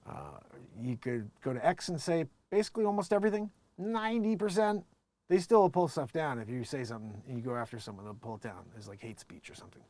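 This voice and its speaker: A man hosting his own video show, talking in a rambling, animated way, laughing often and acting out what other people say. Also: medium pitch, fast, dry recording. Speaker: video host. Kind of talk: casual political commentary.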